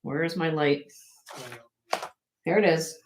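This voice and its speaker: A woman's voice: low voice, fairly even intonation, slow pace, slight background noise. A woman hosting a casual live-stream jewelry sale, chatty and self-correcting, laughing often as she shows pieces to viewers.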